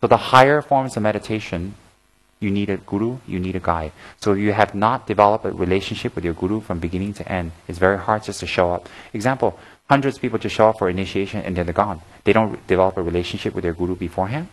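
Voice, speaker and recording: A man delivering a Buddhist dharma talk in a somewhat low voice. He teaches in a frank, plain-spoken way, repeats his key points for emphasis, and often breaks into humorous, animated storytelling. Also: quick pace, rough recording.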